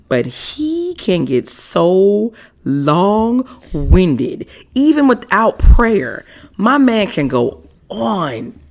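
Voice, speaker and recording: Gravelly, animated woman podcast host. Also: medium pitch. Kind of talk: casual chat.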